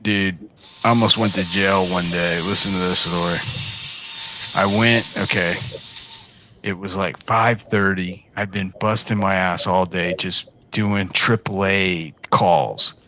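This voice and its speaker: A man casually telling a long, profane story to friends, laughing often as he talks. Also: low-pitched. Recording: dull lo-fi sound with faint noise.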